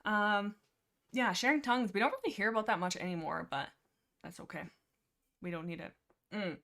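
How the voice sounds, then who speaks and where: A woman hosting a livestream from a room at home, chatting casually about books in a rambling, excitable way with frequent laughs. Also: medium pitch, normal speed. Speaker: livestream host. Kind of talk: casual book chat. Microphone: desk mic.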